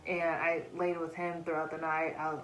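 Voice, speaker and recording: A woman's voice: low voice, completely flat delivery, normal speed, a bit bright, reverberant, a little hiss or hum, low-quality recording. A young woman in a casual storytelling vlog, chatting animatedly and acting out quoted asides, recorded on a phone. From United States. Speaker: vlogger. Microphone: phone camera.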